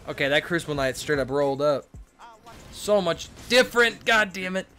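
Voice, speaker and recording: A man's voice: on the high side, lively intonation, moderate pace, sharp tone, soft background music. Swearing young man playing a game. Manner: swearing, frustrated outbursts, self-mocking. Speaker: gaming streamer. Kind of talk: casual gameplay commentary.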